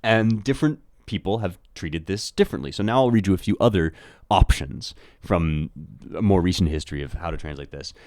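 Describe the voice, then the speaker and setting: A man's voice: low voice, a little fast, darkish tone, dry recording, studio quality. A man giving a thoughtful educational talk on translating poetry, often restarting his phrasing. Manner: thoughtful, with frequent restarts and rhythmic demonstrations. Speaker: host.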